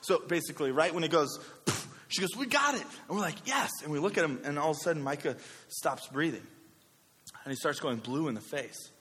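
A man, preaching a sermon with a personal story, talking conversationally with animated asides. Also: on the high side, fast, slightly rough. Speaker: pastor. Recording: long hall reverb.

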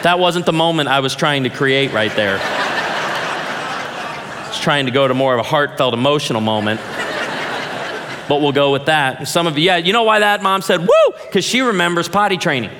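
A pastor in his forties preaches from a stage, his voice a touch high and ringing through a large hall with a long reverb. He teases the crowd and asks for shows of hands, then softens into heartfelt family stories. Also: normal speed, pauses often, background noise. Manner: playful, addresses the audience directly, jokes then turns heartfelt. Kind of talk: humorous sermon storytelling. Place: large hall or church auditorium, before an audience.

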